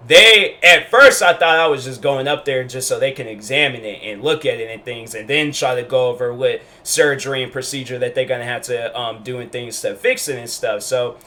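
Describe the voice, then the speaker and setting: Bright-voiced young man telling a story. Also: medium pitch, a little fast, hardly any pauses. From Washington State, US. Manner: rambling, lots of fillers and restarts. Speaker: YouTuber. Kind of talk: casual storytime vlog.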